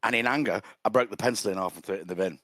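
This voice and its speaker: A man's voice: on the low side, very fast, fairly bright tone, dry recording. A young man, telling a funny anecdote in casual podcast chat with a dry, joking delivery. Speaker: podcast co-host. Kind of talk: casual storytelling.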